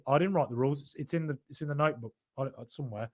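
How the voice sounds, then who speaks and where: A man's voice: on the high side, quick pace, few pauses. A middle-aged man hosting a casual podcast stream, reading viewer comments and chatting loosely with repeated words and jokey asides. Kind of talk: casual live-stream chat.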